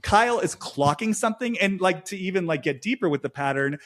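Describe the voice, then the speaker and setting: A man co-hosting a podcast in a casual chat, talking fast and acting out quoted lines in changed voices. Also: high-pitched, expressive, a bit bright. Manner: swears freely, says "like" often. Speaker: podcast co-host.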